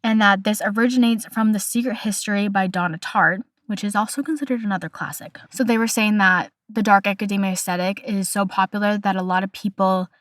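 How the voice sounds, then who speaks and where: A woman's voice: medium pitch, steady tone, a little fast, few pauses, fairly bright tone, no echo, clean studio sound. A young woman hosting a casual podcast, chatty and opinionated, delivering playful hot takes. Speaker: podcast host.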